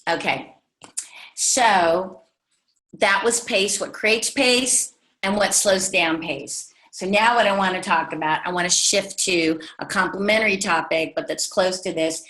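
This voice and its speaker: A woman's voice: mid-range voice, measured pace, a bit bright. A woman giving a leadership coaching lesson to a group, emphatic and repeating key phrases while asking them questions. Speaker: network marketing leadership trainer. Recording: echoey room.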